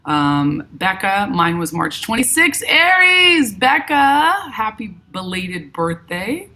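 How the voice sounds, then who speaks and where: A woman's voice: lowish voice, animated, slow, sharp tone. A middle-aged woman from New York with a slight New York accent, chatting casually as host of a live stream and reading viewer comments aloud.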